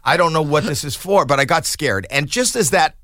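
A middle-aged man, appearing as a comedian guest on a podcast, tells an anecdote in a slightly high, brisk voice. He's animated and laughing, putting on voices for the people in his story. The studio-quality recording has no echo.

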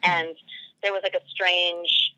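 Bright-voiced chatty woman telling a story. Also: fairly low pitch, little pitch movement, takes it slowly, smooth, no room sound, lo-fi sound. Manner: chatty, full of "like" fillers, acts out quoted dialogue. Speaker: podcast guest. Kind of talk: casual storytelling.

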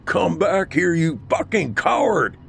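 Voiced by a man, this is a tough, blunt male sergeant in a horror audio story. His voice sits deep and gruff. He speaks with hard, commanding weight. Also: moderate pace. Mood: shouting. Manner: gruff, commanding, then bellowing in rage. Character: hardened male airman sergeant, blunt and brave.

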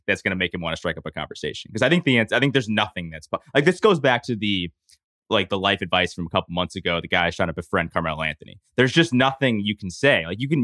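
A man co-hosting a podcast, talking in casual chat with quick, rambling thoughts and restarts. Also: lowish voice, sharp tone, no room sound, clean studio sound.

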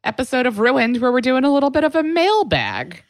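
A woman's voice: high voice, sing-song, brisk, dry recording, studio quality. A woman with a slightly nasal voice, co-hosting a podcast in joking, casual chat and laughing often. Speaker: podcast co-host.

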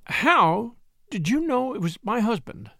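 A man's voice: sits high, big pitch swings, moderate pace, no echo, studio quality, voice pushed up. A man voicing a frightened, genteel widow who stammers and pleads, read in a storybook narration. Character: frightened genteel widow, woman, middle-aged.

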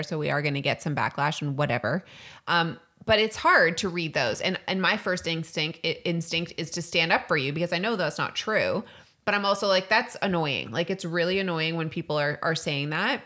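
A woman co-hosting a podcast, talking in easy casual chat. Her voice sits fairly low but sounds bright and forceful. She rambles with lots of fillers and restarts. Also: fairly quick. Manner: chatty, lots of likes and restarts. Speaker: podcast co-host.

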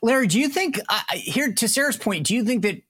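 A man hosting a political talk show, animated and acting out indignant quotes as he argues. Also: very high voice, fast, breathy edge, no room sound, studio quality. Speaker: podcast host.

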